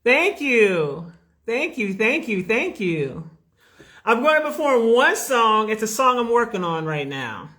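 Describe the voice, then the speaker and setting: A woman's voice: on the high side, sing-song, slow, fairly bright tone. A woman chatting casually on a live stream from her home loft, calling her viewers babies and honey. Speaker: livestream host.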